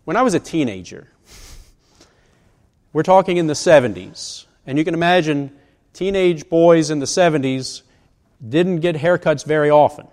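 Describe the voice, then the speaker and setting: A man's voice: on the high side, expressive, normal speed, pauses often, darkish tone. A man in his sixties preaching a sermon in a conversational way, asking rhetorical questions. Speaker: pastor. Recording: long reverb of a large hall.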